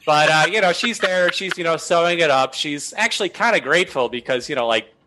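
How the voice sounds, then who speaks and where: A man's voice: a little high, fairly quick, noisy background. A man, a guest comedian, telling a story casually with lots of "you know" and "uh" fillers.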